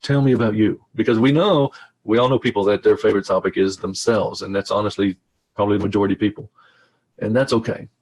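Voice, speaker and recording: A man's voice: on the low side, quick pace. A man giving a conversational webinar presentation over a video call, often repeating and restarting his words. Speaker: speaker.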